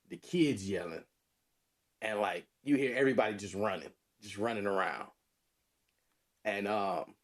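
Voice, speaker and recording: A man co-hosting a podcast, telling a story in casual chat, rambling with lots of fillers and restarts. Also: lowish voice. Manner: rambling, repeats himself, many fillers. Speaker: podcast co-host.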